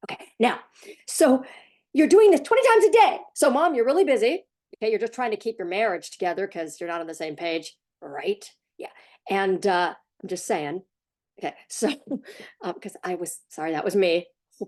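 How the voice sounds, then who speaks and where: Woman, forties, parenting coach, chatty, animated, talking to camera. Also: mid-range voice. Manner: chatty, animated, laughs, acts out quotes with a raised voice. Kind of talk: casual talk to camera.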